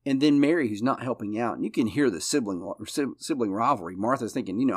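A man, a pastor, giving a conversational Bible study and explaining each point in a thoughtful, steady way. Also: mid-range voice, fast, no echo, clean studio sound.

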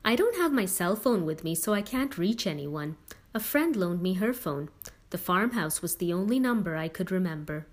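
A woman voicing a nervous teenage boy who talks in a halting, hesitant way with restarts. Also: lowish voice, very animated. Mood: pleading. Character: anxious teenage boy on the phone.

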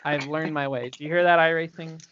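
A young man chatting casually on a podcast, animated and swearing, laughing as he tells his stories. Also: on the high side, moderate pace, a little hiss or hum. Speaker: podcast guest. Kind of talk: casual chat. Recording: dull lo-fi sound.

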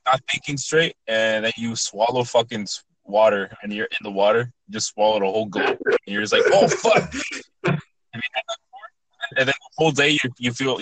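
A young man with a bright, forceful voice chats casually, swearing freely. He often stumbles and restarts mid-sentence, with an everyday mid-range pitch. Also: dry recording, rough recording. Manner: swearing, halting with restarts and laughs. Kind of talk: casual chat.

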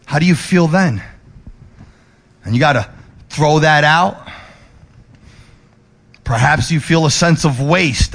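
A male pastor preaching, moving between emphatic raised lines and soft, low ones, with restless repetitions and restarts. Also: takes it slowly, gravelly, long pauses. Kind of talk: sermon.

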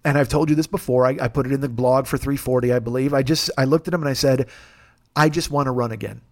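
A man's voice: medium pitch, steady tone, fast talker, a little mellow. A middle-aged man talking in a candid, profane, self-deprecating way, rambling and restarting as he hosts a confessional podcast monologue. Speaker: podcast host.

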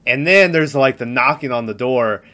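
In a relaxed podcast conversation about horror movies, a man with a mid-range voice and moderate pace spins lively stories. He performs the quotes he recounts, with laughter along the way.

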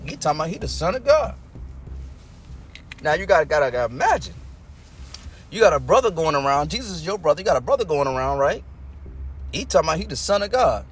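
Brief: male preacher, fairly high, lively pitch, conversational sermon over faint music. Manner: folksy, conversational preaching with dialect and acted-out crowd quotes.

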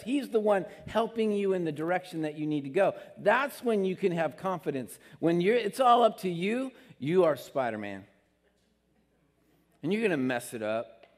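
A man preaching a sermon in an earnest, conversational way, with emphatic rises on his key points. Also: on the high side. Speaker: pastor. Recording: long hall reverb.

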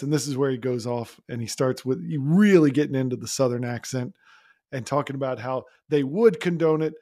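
A man's voice: mid-range voice, a little fast, a little mellow. A man co-hosting a podcast, talking through a film in a casual, opinionated way and laughing often. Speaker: podcast co-host. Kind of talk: casual movie discussion.

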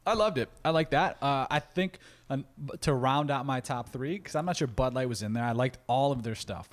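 A man's voice: medium pitch, a little fast. A man co-hosting a podcast, chatting casually, loose and joking, with offhand swearing. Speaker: podcast co-host. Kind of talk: casual chat.

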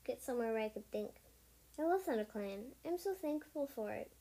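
A woman's voice: on the high side, lively intonation, a little fast, warm tone. A woman voicing a proud, worried she-cat warrior in a first-person storybook reading, with small slips as she reads.

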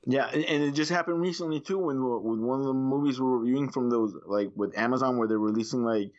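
Animated swearing man on a slightly dull recording. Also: mid-range voice, fast talker. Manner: animated, swears freely, acts out his own reactions. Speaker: podcast co-host reviewing movies. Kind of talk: casual chat.

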